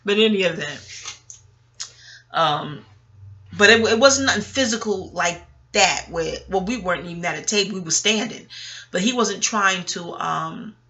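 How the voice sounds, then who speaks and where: A woman in her late forties telling family stories in a casual, rambling monologue, chatty and frank, arguing with herself and swearing. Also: on the low side. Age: late 40s. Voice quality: animated, talks back to herself. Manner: chatty,喜 laughing asides, profanity. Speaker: audio blogger.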